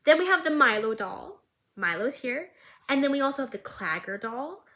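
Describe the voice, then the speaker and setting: A young adult woman recapping a show in a casual, animated way, laughing often. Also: sits high, normal speed. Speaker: recap vlogger.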